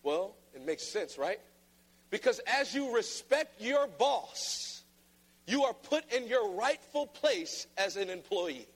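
A man preaching a sermon, playful and then emphatic, often mimicking flat reading voices. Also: sits high, slow pace. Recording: long reverb of a large hall.

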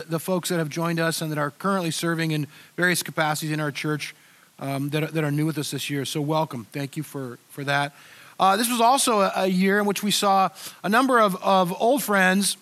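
An older pastor gives an unscripted-sounding sermon to his flock, his a-bit-bright voice pitched high for a man. He talks conversationally and directly, often breaking off mid-thought and starting again.

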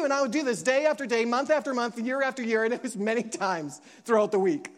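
A man preaching a sermon, telling stories with lively acted-out quotes and quiet, slow emotional passages. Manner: animated storytelling, acts out quotes with big pitch jumps; drops soft and slow for emotional moments. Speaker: pastor.

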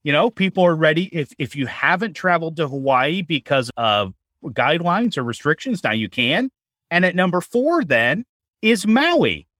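A chatty man co-hosts a casual talk segment, his voice sitting a little high. He often restarts and repeats words. The recording is close and dry, with no room sound. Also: big pitch swings, moderate pace, a bit bright, dry recording. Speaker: co-host. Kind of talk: casual chat.

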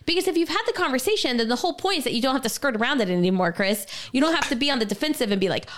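A woman's voice: high voice, expressive, rapid-fire, few pauses. A woman co-hosting a casual livestream chat. She talks frankly, laughs easily and acts out sample dialogue. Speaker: co-host.

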